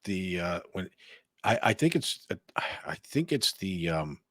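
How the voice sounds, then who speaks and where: A man's voice: low voice, sing-song, measured pace, a bit bright, no echo, clean studio sound. A man co-hosting a podcast in casual chat, laid-back and hesitant with many fillers. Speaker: podcast co-host.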